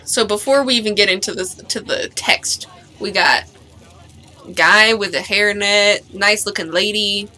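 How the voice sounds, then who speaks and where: Giggly woman streamer reading a story game, bright voice, faint music. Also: medium pitch, measured pace. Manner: giggly, does character voices. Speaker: streamer voicing a visual novel. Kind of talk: reading game dialogue aloud with banter.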